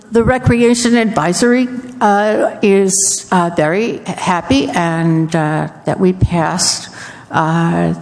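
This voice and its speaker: A woman council member talks through her report at an easy, unhurried pace. Her voice carries a long reverb from a council chamber. She is chatty and personal. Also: mid-range voice, darkish tone.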